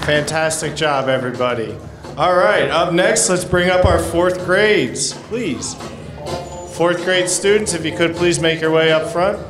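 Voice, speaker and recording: An upbeat man announces a school spelling bee, calling the next group of students to the front and asking for applause. His voice is fairly high and bounces around an echoey room. Music plays clearly behind him, over the sound of the audience. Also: unhurried. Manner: upbeat, leading rounds of applause. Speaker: event emcee. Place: school event hall.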